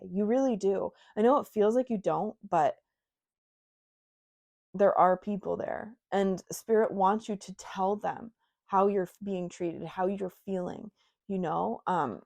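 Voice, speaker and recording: A woman's voice: medium pitch, dark tone. A young woman giving a casual, intuitive tarot reading to her viewers, talking frankly with lots of fillers and asides. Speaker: tarot reader.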